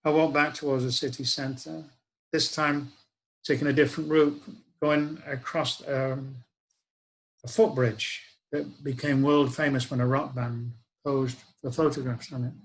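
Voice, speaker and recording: A man's voice: medium pitch, little pitch movement, unhurried, low-quality recording. A man, telling a wry, reflective personal story in a conversational way. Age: 60s. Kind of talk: spoken-word storytelling.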